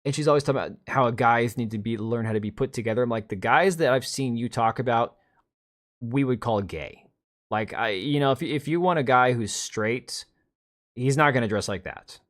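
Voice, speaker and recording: A man in his thirties hosts a casual livestream from a home setup with a desk mic, speaking at an ordinary mid pitch and a moderate pace with a slightly bright tone. He rambles, gives blunt opinions, restarts sentences, and answers the chat.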